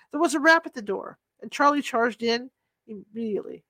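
A woman narrating a story aloud in a steady, plain storytelling manner, as an audiobook reader. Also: on the high side, fairly quick, dry recording.

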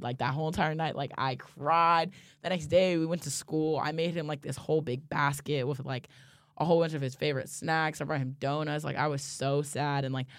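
A woman co-hosting a casual chat, an animated storyteller who laughs easily and swears casually. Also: low voice, no room sound, clean studio sound. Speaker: podcast co-host.

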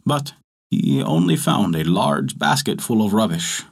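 A man narrating a folk tale with an expressive storytelling cadence. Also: low-pitched, unhurried, creaky, breathy edge.

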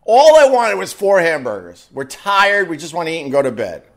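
A man telling a casual anecdote in an exasperated, swearing rant full of quick restarts. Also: fairly high pitch, sing-song. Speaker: storyteller.

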